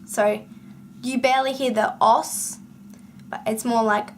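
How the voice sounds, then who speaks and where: Slow-talking Australian woman with rising endings. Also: fairly high pitch, steady tone, slight background noise. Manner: chatty with frequent ums and rising ends of sentences. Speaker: vlogger. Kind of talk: casual chat to camera.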